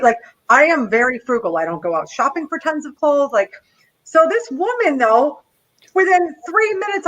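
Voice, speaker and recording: A woman guest trainer on a video call, giving an energetic, playful coaching talk. She talks in an animated way and acts out quotes. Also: high-pitched, poor audio. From not American. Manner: animated and playful, slipping into quoted movie voices.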